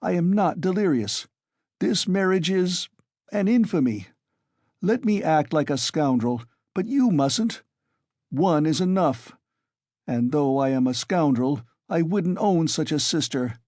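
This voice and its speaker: A man's voice: fairly high pitch, lively intonation, unhurried, darkish tone, dry recording, pitched above the performer's own voice. Irritable fevered young student for a classic audiobook , read by a man, raised voice, dry sound. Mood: insistent. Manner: irritable, insistent.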